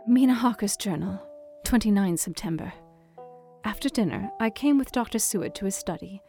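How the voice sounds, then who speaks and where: A woman's voice: mid-range voice, animated, normal speed, soft background music, close to an everyday voice. A woman playing earnest Victorian wife Mina. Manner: soft, earnest and formal. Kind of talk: dramatized reading of a classic novel.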